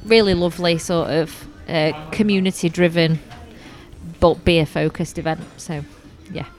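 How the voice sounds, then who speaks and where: A woman's voice: fairly low pitch, steady tone, measured pace, a little mellow. A woman chatting casually on a podcast, bubbly and full of fillers. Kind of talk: casual chat.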